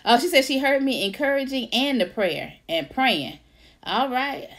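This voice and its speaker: A woman hosting a casual faith-based livestream, lively, laughing often and greeting viewers by name. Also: high voice, unhurried. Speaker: author and livestream host.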